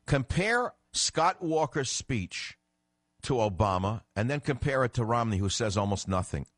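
A man's voice: medium pitch, sing-song, a little slow, a bit bright, no echo, studio quality. An older man hosting a political talk radio show, speaking in an emphatic, indignant way.

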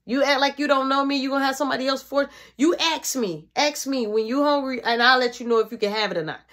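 A woman's voice: sits high, fast, fairly bright tone, voice pushed up. A woman doing her stern, sarcastic mother. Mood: scolding. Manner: sarcastic, lecturing.

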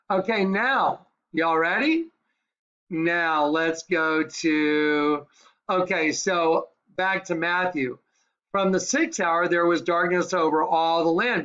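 A man's voice: high-pitched, a bit bright, highs cut off. A man teaching the Bible in a fervent, conversational way, often asking his listeners if they are ready. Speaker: preacher. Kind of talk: screen-share Bible teaching.

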